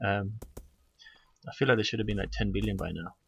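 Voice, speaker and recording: A man giving excitable, mock-grand, self-mocking commentary over his own gameplay as a video host. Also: on the low side, fairly quick, creaky, husky, no echo. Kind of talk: let's play commentary.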